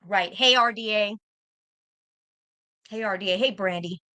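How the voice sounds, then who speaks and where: A young woman with an American accent argues on a livestream, her voice bright and sharp. She is confrontational and profane, and she repeats her points again and again to drive them home. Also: mid-range voice, measured pace. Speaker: livestream guest. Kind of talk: heated livestream argument.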